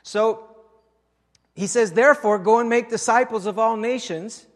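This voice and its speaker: A man from French Canada preaches a sermon in a high, bright voice. He hits key phrases loudly and then drops to a low, quiet tone, and his words carry a long reverb through a church hall. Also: a little slow. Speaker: pastor.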